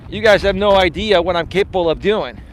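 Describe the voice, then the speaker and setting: A man's voice: high-pitched, a little fast, slight background noise. A man hosting a live stream as a life coach, chatting casually in a boastful, teasing way with casual swearing, recorded outdoors. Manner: boastful, teasing, laughs at his own jokes.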